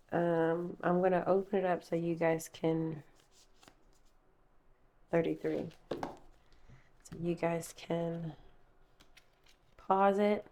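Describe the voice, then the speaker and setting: Tarot reader, woman, casual and rambling, slightly low voice, talks to viewers from home. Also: mellow. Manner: chatty, rambling, calls viewers babe and baby. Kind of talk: casual tarot reading to camera. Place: her room at home.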